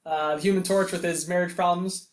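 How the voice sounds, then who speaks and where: A man's voice: sits high, steady tone, moderate pace. A man hosting a casual comic-book podcast, making dry, wry jokes. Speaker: podcast host. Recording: roomy echo.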